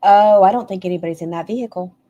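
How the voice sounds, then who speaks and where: A woman's voice: medium pitch, fast, mellow, dull audio. A woman hosting a casual commentary stream, making snarky, sarcastic remarks.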